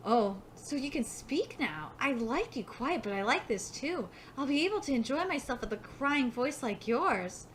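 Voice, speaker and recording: A woman's voice: high-pitched, expressive, moderate pace, few pauses, a little hiss or hum. A woman reading the lines of a cruel young man from a manga, in a sneering, menacing tone. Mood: taunting. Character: cruel young man taunting a captive girl.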